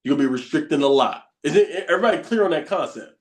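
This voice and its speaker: A man's voice: on the high side, expressive, fast, reverberant. A man leading a live online coaching session, teaching with emphatic repetition and quizzing the group. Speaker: bootcamp coach.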